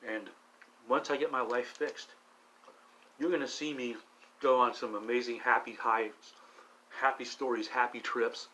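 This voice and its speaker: A middle-aged man vlogging alone while high, rambling with many restarts and frequent swearing. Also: fairly even intonation, unhurried, pauses often, pushed and bright, a little hiss or hum, rough recording. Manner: meandering, profane, restless restarts. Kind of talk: rambling solo monologue.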